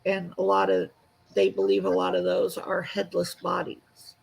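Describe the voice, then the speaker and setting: A woman co-hosting a casual online chat show, talking in a relaxed, somewhat hesitant way. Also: lowish voice, moderate pace, gravelly, slightly rough, rough recording. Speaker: co-host.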